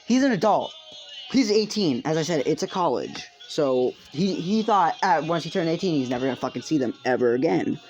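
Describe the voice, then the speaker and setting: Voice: mid-range voice, very animated, a little fast, a little mellow, soft background music. Rambling fan story narrator. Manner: rambling, full of fillers and swearing. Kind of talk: improvised fan fiction storytelling.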